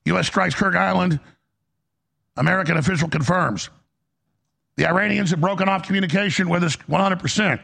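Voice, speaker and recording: A man's voice: sits high, brisk, gravelly, long pauses, a bit bright. A man hosting a political commentary show, heated and emphatic, often restarting his sentences.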